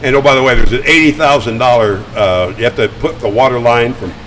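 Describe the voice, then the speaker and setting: An older man talking as a guest, spinning chatty, animated anecdotes with frequent stammered restarts. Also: mid-range voice, fast, slight background noise, poor audio. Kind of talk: casual storytelling. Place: studio.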